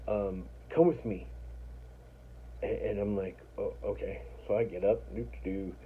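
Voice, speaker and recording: A deep-voiced man recounts his life in casual first-person storytelling, rambling, swearing, putting himself down, and restarting his sentences often. The audio is tinny and phone-like, with faint noise.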